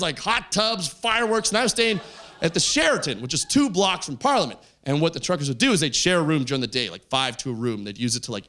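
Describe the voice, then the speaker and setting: Animated high-voiced stand-up man. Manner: animated storytelling, jumping into voices. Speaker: stand-up comedian. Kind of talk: stand-up comedy performance. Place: stage in front of a live audience.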